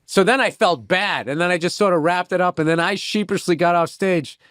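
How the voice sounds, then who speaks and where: A man trades stories in a casual sit-down chat, swearing freely and wandering into asides. He slips into voices for the people in his tales. His voice sits fairly high and sounds dry and close. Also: fairly quick, fairly bright tone, clear, resonant tone, no room sound. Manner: rambling, profane, trails off into asides. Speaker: stand-up comedian, interview guest.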